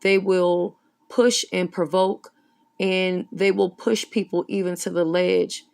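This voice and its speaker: A woman's voice: fairly low pitch, flat delivery, takes it slowly, gravelly, a little mellow. A woman giving earnest, serious spoken commentary on a news story as an online commentator.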